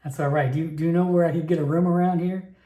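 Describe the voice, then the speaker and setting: A man's voice: a little high, fairly even intonation, fast, mellow, lightly acted. A man voicing a big, earnest male hobgoblin adventurer who speaks plainly, recorded in an echoey room.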